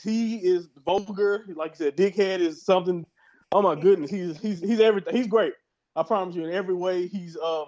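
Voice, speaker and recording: Rambling American man on a lo-fi line. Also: sits high. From United States. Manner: animated, rambling with many restarts. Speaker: podcast co-host. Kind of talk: casual chat.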